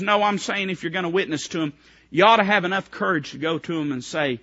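A man preaching from the pulpit, his bright, forceful voice rising into high, loud calls and then dropping to a hush. He keeps asking his listeners questions. The recording sounds a little dull and lo-fi. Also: quick pace. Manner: impassioned preaching, swinging from loud high calls to low hushed lines; asks the congregation direct questions. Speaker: pastor. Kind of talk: sermon.

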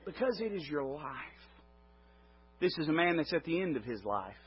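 A man preaching with a fairly high, husky voice. He presses hard on his points, rising loud and then falling quiet. The recording is dull and lo-fi. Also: sing-song, normal speed. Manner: emphatic, swelling and dropping in volume. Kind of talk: sermon.

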